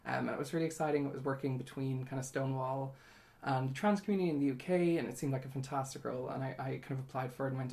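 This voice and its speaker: Talking fast in a very deep, steady voice, this young Irish woman in her 20s is a guest in a casual interview. She's chatty and candid, and her speech is full of fillers.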